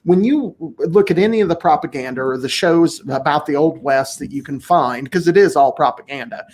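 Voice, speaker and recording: A man hosting a casual podcast discussion, talking in a blunt, profane and animated way. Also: a little high, fairly quick. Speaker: podcast host.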